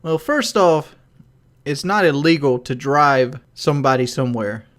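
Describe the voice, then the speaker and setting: A man's voice: mid-range voice, lively intonation, unhurried, a bit bright. A man with a Southern accent, livestreaming in a rambling, profane, casual way and reading questions from chat. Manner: rambling and profane, many "like" fillers.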